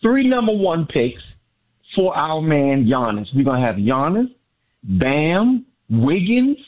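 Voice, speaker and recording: A man calling a sports radio show, excited and boastful, repeating his points. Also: on the high side, slow. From Miami area. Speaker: caller. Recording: phone line.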